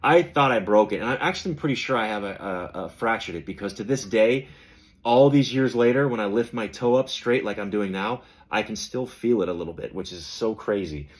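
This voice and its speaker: Man, low voice, podcast host, casual storytelling, animated, acts out quotes. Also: a little fast.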